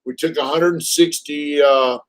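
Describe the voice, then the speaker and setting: A California man in his fifties hosts a casual live stream, his voice on the high side with fairly even intonation at normal speed. As channel host, he tells stories bluntly and profanely, swearing plenty and acting out quotes in raised voices.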